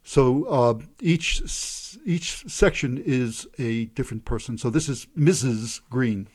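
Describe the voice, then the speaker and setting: A male poet speaking in an interview at an average pitch. He talks thoughtfully and often restarts his phrases mid-thought. He is explaining his craft. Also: lively intonation, takes it slowly, darkish tone, breathy edge. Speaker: poet and translator. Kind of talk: interview and poetry reading.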